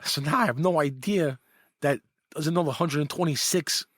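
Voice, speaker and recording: A husky middle-aged man tells his story in a loose, animated way. His pitch jumps when he acts out what others said. The sound is dry and close. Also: moderate pace, no room sound. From New York. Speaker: guest, former mob enforcer. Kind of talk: casual storytelling.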